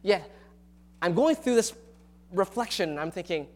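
A male pastor delivering a sermon to his congregation in church. His voice sits a little high for a man, and he speaks earnestly and confessionally, often stopping and restarting his sentences. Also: lively intonation, moderate pace, long pauses, darkish tone.

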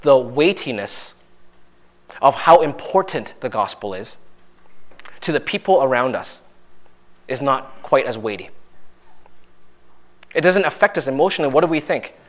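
A young adult man preaching a sermon in a conversational way, with many asides and tag questions, his voice rising and growing louder as he drives a point home. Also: measured pace, long pauses. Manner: animated, rises in pitch and volume when stressing a point. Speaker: pastor.

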